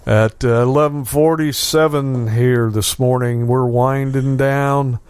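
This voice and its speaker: A man hosting a casual local radio show from a small studio, talking in a halting way full of fillers. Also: medium pitch, fairly even intonation, darkish tone, clear, resonant tone, no room sound. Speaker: radio host.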